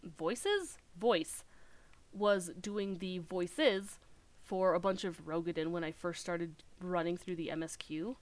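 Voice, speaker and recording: A woman's voice: fairly low pitch, takes it slowly. A woman with an alto voice, chatting casually and correcting herself while streaming a game. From outside the UK. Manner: chatty, self-correcting, giggly asides. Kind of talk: casual gameplay chat.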